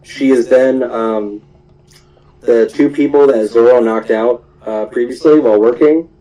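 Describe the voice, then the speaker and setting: A young man recapping an anime episode in a loose, rambling way, with lots of "um"s and asides. His voice is mellow and low-key, pitched in a middle range, and reads as unscripted chat. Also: measured pace, poor audio. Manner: rambling, full of fillers and laughs.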